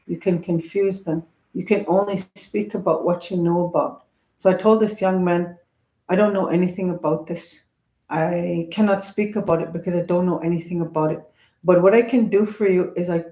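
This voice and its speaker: A woman, a traditional teacher, telling a personal story in an earnest, reflective way with pauses and hesitations. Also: fairly low pitch, a little mellow. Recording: roomy echo.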